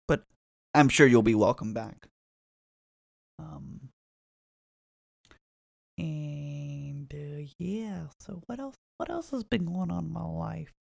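A man's voice: fairly high pitch, vocal fry, no echo, studio quality. A man in his twenties rambling casually and profanely on his own, with frequent restarts. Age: 20s. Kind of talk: casual solo rant.

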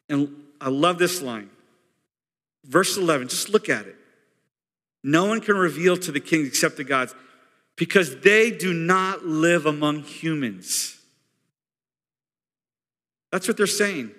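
A man preaching a sermon as pastor, in a conversational, animated storytelling way. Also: high-pitched, measured pace, pauses often. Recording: long hall reverb.

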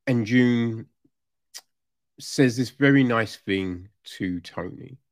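A man's voice: mid-range voice, slow pace, dry recording, clean studio sound. A man casually reviewing a TV series, rambling with fillers and restarts and growing exasperated as he rants. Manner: grows exasperated and loud when ranting.

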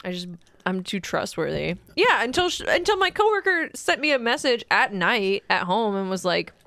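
A woman's voice: medium pitch, sing-song, moderate pace, gravelly, sharp tone, dry recording. A young woman co-hosting a casual podcast, telling a story with lots of laughter and acted-out quotes. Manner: chatty storyteller, laughs often, acts out quotes. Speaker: podcast co-host. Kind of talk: casual chat.

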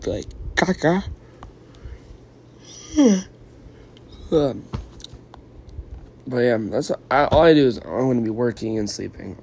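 A young man with a cold rambles through his podcast, yawning between thoughts. His voice sits low and mellow, with a steady, middle pitch. He hedges, apologizes and fills pauses with ums as he goes. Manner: meandering, apologetic, lots of ums. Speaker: vlogger and podcaster. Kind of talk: casual rambling chat.

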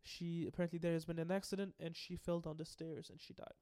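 A man giving an excitable, casual recap, swearing freely and often stumbling and restarting. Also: on the high side, fast talker, smooth. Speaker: anime and manga recap host.

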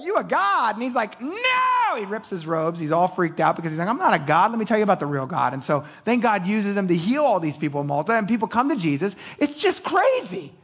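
A middle-aged man preaching a sermon, animated and casual, joking and acting out voices. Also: high-pitched. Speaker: pastor.

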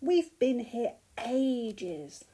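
A woman's voice: on the high side, big pitch swings, warm tone, full character voice. A grandmother voicing a cautious, fretful female mole in a storybook reading, drawn out and worried. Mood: weary. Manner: worried, slow.

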